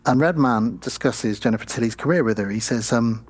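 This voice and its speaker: A man's voice: mid-range voice, fairly quick, breathy edge, dry recording. A man co-hosting a podcast, retelling movie scenes in casual chat with blunt, crude jokes. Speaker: podcast co-host. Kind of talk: casual film recap chat.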